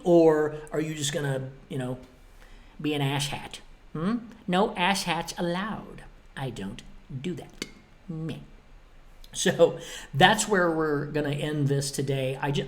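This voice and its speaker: A man hosting his own motivational podcast, talking emphatically and bluntly, with a little cheek, and acting out both sides of imagined exchanges. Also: on the high side. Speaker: podcast host.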